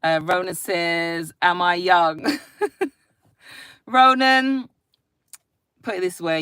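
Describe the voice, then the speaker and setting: A woman's voice: fairly low pitch, fairly bright tone, dry recording, studio quality. A woman with children hosting a casual live stream, greeting viewers by name and chatting in a free-flowing way. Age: adult, a parent. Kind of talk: casual chat reading viewer comments. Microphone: phone live stream.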